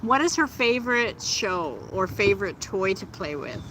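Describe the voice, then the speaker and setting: A woman chatting gently on a live stream from outdoors, laughing often. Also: medium pitch, animated, normal speed, a little hiss or hum, rough recording. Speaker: vlogger. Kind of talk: casual live-stream chat. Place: outdoors in nature.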